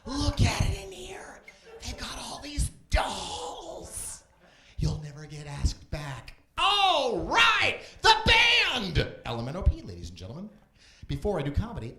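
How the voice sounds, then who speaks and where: Male stand-up, high-energy and manic, very lively pitch, roomy club sound. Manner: manic, swings between loud shouts and low asides. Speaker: stand-up comedian. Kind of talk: stand-up comedy set. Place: comedy club stage. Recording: roomy club sound, faint background noise.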